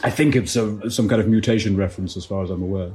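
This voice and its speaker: A man's voice: fairly low pitch, quick pace, a little mellow, close to an everyday voice. A man playing a pompous, self-assured tour guide in a comedy audio sketch.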